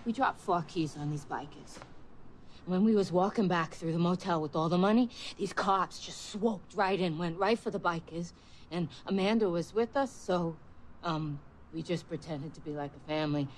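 A woman's voice: on the low side, normal speed, slight background noise, natural voice, poor audio. An actress playing a defensive, street-tough blue-collar mother with a Boston accent in a film scene. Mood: defiant. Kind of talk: film dialogue.

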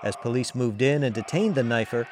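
Male radio correspondent, measured scripted delivery, mid-pitched, faint street sound behind. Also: a little hiss or hum. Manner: measured, even newsreader delivery. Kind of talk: scripted news report.

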